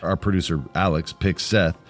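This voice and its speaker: A man with a notably deep voice hosts a casual podcast chat, joking and laughing easily. Faint music plays quietly in the background. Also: fairly even intonation, moderate pace. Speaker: podcast host.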